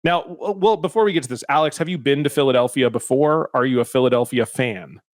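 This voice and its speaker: A man hosts a casual comedy podcast, spinning stories with animated, exasperated energy and plenty of swearing. His voice sits at an ordinary middle pitch. The studio mic gives a dry, close sound with no room echo. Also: fast talker. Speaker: podcast host.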